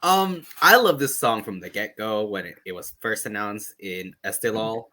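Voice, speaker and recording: A man's voice: lowish voice, normal speed, bright, forceful tone. A man co-hosting a podcast in casual chat, enthusing with plenty of 'um' and 'like'. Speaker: podcast co-host.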